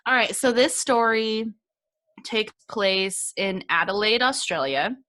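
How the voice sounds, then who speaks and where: A woman's voice: medium pitch, takes it slowly, bright, forceful tone. A young woman co-hosting a podcast, chatting casually and laughing often as she sets up a story. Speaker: podcast co-host. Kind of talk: casual chat.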